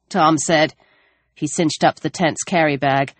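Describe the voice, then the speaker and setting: A woman's voice: deep voice, steady tone, moderate pace, no echo. Woman narrating a tense story. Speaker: audiobook narrator. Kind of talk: scripted narration.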